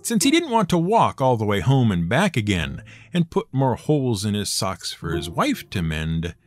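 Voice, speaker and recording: A man narrating folktales in a wry, expressive storytelling manner. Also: lowish voice, moderate pace. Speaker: storyteller host. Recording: guitar music playing beneath. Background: guitar music.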